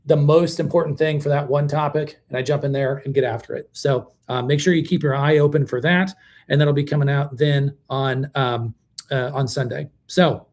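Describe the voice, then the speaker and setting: A man hosting a live stream about mobile homes, talking casually in a blunt, animated way with many fillers and restarts. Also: fairly high pitch, moderate pace. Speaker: host of a mobile home channel.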